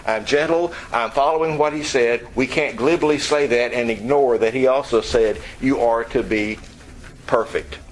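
Man, preacher, sermon, emphatic, rhetorical questions, mid-range pitch, faint background noise. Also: poor audio.

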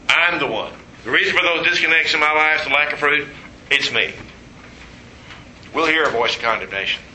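Guy giving a sermon, jokes and acted-out quotes, bright and a bit high, roomy echo. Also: slight background noise. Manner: animated storytelling, quoting voices. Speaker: preacher. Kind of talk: sermon with humor.

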